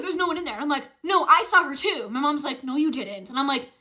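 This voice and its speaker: A young woman streamer casually telling a ghost story, animated and swearing, acting out the quotes. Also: high-pitched, fast, few pauses.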